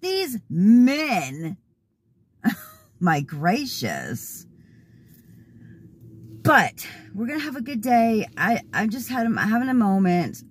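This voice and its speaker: A hoarse, worked-up woman venting casually to her vlog audience with exasperated, laughing asides. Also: fairly high pitch, sing-song, slow, long pauses, slight background noise. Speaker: vlogger. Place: in a car, then at home.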